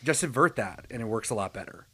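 A man's voice: mid-range voice, expressive, fast, fairly bright tone, slightly rough. A man in a casual podcast chat, blunt and swearing casually.

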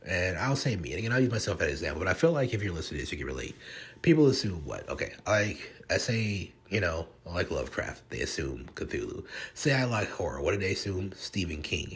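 A man hosting a podcast as a horror writer, talking in a rambling, profane, offhand way. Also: deep voice. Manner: profane, rambling, animated asides. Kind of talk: casual podcast monologue.

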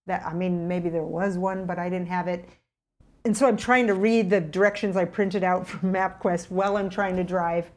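Middle-aged lady telling a story in a chat, gets excited acting out what she was thinking. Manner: animated, acts out her own past thoughts with rising pitch. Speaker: guest telling a personal story.

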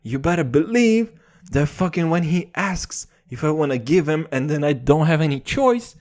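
A foul-mouthed man from Russia rants in a loose comedic monologue, swearing freely and drifting from one tangent to the next. His pitch swings widely as he gets worked up, and he keeps addressing the listener as dude. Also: moderate pace. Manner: swearing, rambling, riffing on tangents; animated, calls the listener dude. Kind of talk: profane comedic rant.

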